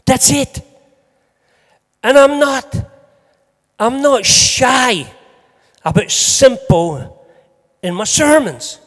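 High-voiced joking preacher in a hall. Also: male voice, drawn-out words, pauses often. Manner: energetic joking preacher, loud and soft swings. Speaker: pastor. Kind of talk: sermon. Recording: long hall reverb.

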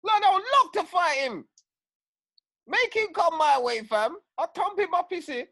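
A man's voice: very high-pitched, animated, normal speed, bright, forceful tone. A man, boasting and trash-talking his friends in casual podcast banter. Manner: cocky, boastful trash talk.

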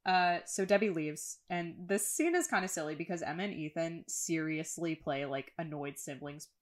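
A woman's voice: low voice, moderate pace. A woman co-hosting a casual podcast, recapping episodes in long run-on stretches and swearing casually. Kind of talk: casual chat.

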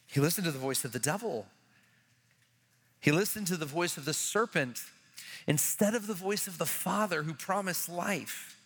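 High, bright-voiced pastor preaching urgently. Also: male voice, big-room sound. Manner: earnest, urgent, repetitive exhortation. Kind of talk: sermon.

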